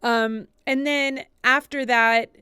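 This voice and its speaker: Woman, thirties, casual chatty storytelling, filler-heavy, smooth, dry. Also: a little high, slow, no room sound. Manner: chatty, many "like" fillers, animated retellings. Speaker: podcast co-host and assistant, guest.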